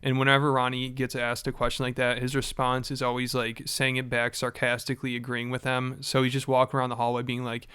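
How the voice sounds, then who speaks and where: A male commentator tells a story about an old show clip in a relaxed, wry manner. His voice is smooth and clean, and it stays almost completely level in pitch. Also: brisk, hardly any pauses. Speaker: commentary host. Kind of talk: casual commentary narration.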